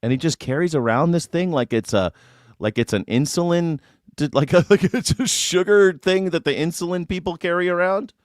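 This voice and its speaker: A man's voice: fairly high pitch, moderate pace, no room sound, studio quality. A man riffing casually as a streamer, rambling, joking and swearing while reacting to clips. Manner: rambling, joking, swearing, breaks into put-on voices.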